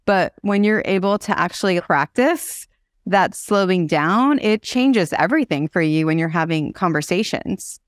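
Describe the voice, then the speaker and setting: A woman's voice: on the low side, animated, unhurried, no room sound, clean studio sound. A woman hosting a podcast, enthusiastic and affirming toward her guest. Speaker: podcast host. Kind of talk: casual podcast interview.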